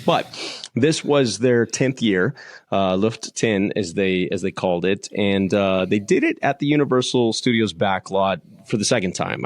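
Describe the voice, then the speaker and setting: Man, podcast co-host, low voice, enthusiastic rambling, dry sound. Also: no echo. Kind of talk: casual podcast chat.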